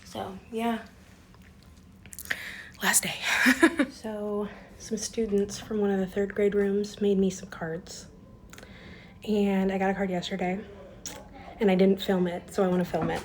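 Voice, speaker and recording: A woman's voice: medium pitch, flat delivery, measured pace, dark tone. A young woman talking casually to her phone camera at school, emotional and close to tears, with lots of fillers. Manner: chatty, fillers, on the edge of tears. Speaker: school aide. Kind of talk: casual vlog. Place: school classroom.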